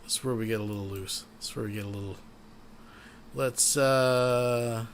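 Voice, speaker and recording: A man's voice: mid-range voice, fairly even intonation, normal speed, a little hiss or hum. A man hosting a casual reaction commentary. He is tipsy from beer and talks in a loose, crude, rambling way. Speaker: commentary channel host.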